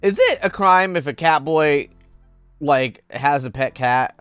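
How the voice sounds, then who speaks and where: Male game streamer, casual livestream chat, playful and giggly, lively pitch, unhurried. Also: clean tone, no room sound, soft background music. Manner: playful, giggly, greets chatters by name.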